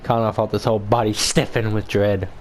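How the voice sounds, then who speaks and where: A man's voice: fairly low pitch, level tone, fairly quick, a little hiss or hum. A man reading a game's story aloud, narrating with chatty asides. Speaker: game narrator.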